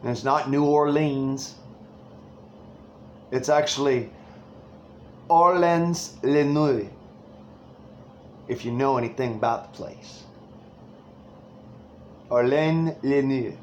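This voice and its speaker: A man's voice: medium pitch, fairly even intonation, a little slow, pauses often, darkish tone, lo-fi sound, slight background noise. A man delivering an angry, rambling political rant full of swearing.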